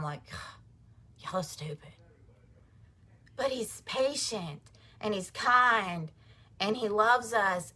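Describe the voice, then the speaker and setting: A woman's voice: medium pitch, a bit bright. A woman, casually telling a personal story to her viewers, full of "like" and acted-out quotes. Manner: chatty, frequent "like", acts out quoted voices.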